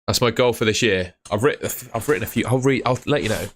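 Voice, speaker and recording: Low-pitched male streamer, tired, casual and rambling, reads out chat names. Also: quick pace, slight background noise. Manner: chatty, rambling, answers chat by name. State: tired, yawning. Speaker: fantasy football streamer.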